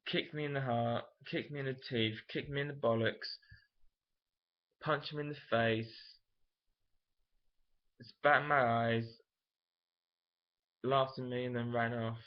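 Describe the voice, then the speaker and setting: A man's voice: mid-range voice, steady tone, measured pace, long pauses. A young man, telling a personal story to camera in a frank, emotional, rambling way. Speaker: vlogger. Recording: dull lo-fi camera audio.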